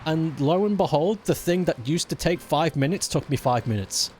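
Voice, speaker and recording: A man's voice: on the high side, expressive, moderate pace, darkish tone. A man ranting casually and with exasperation while he plays a racing game on stream, swearing often. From United Kingdom.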